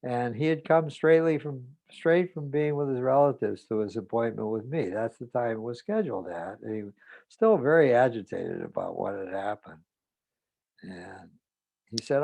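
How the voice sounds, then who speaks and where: Therapist guy slowly telling about a patient, gravelly voice, lots of uh and restarts. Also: mid-range voice, lively intonation, a little mellow, no room sound, poor audio. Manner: measured, with hesitant fillers and restarts. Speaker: psychotherapist. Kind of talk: telling a clinical case story.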